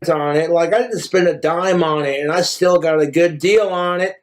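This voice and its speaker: A high-pitched man rambles through a crude, profane livestream monologue. He tells his jokes in a put-on mock Cockney accent. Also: moderate pace.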